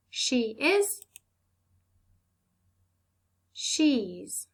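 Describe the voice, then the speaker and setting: Woman, primary school teacher, slow and patient delivery, gravelly edge, higher voice, playful asides. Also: a bit bright. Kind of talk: recorded online English lesson for young children.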